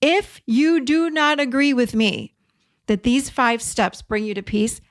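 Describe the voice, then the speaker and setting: A middle-aged woman hosting an encouraging self-help talk, direct and warm, repeating words for emphasis. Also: on the high side, measured pace, dry recording, studio quality. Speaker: host.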